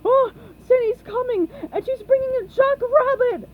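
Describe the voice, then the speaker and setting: A woman voicing a dim-witted, boisterous male starfish in a storybook reading, loud, dopey and drawn-out. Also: sits high, big pitch swings, breathy edge, phone-quality sound, heavily acted. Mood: bluffing.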